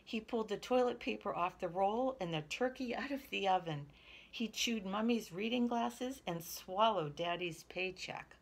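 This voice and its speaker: A woman reading a children's picture book aloud in a lively, expressive way. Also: medium pitch, moderate pace, creaky. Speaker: storyteller.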